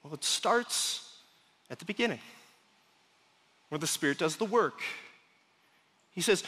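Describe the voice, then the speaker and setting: A male pastor preaches in a relaxed, conversational way and keeps breaking off into joking asides to his congregation. His voice sits high and bright. It rings out through a big sanctuary with a long reverb. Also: a little slow, long pauses, slightly rough. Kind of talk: sermon. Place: large church sanctuary. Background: congregation laughing at times.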